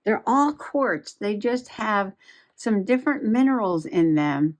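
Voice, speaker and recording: A woman's voice: medium pitch, animated, slow pace, muffled recording. A middle-aged woman chatting casually to herself while journaling and crafting, giggling often as she goes. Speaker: journaling vlogger.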